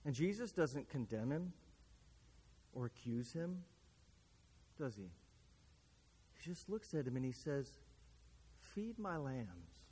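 A man's voice: mid-range voice, animated, unhurried, long pauses, dark tone, husky, long reverb tail. A man preaching a sermon, retelling a scripture story earnestly and pressing his listeners with rhetorical questions.

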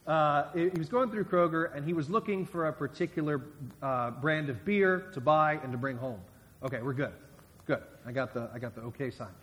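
A man delivers a sermon in a relaxed, conversational way, stopping and restarting and turning to asides with the congregation. His voice sits a little high for a man. Long reverb trails after each phrase in the sanctuary. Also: a little fast. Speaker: guest preacher.

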